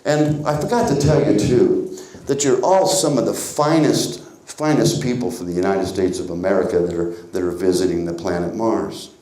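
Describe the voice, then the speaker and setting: A man working as a stage hypnotist, guiding volunteers with slow suggestions and chuckling at their answers. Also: low-pitched, mellow, reverberant, low-quality recording. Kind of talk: comedy hypnosis stage patter. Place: theater stage before a live audience.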